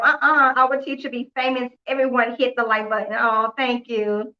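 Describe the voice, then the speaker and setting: A woman hosting a couponing live stream, telling a story in a chatty, animated way, acting out the dialogue and laughing often. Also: a little high, measured pace, muffled recording. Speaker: couponing livestream host. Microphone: phone or computer mic on a live stream.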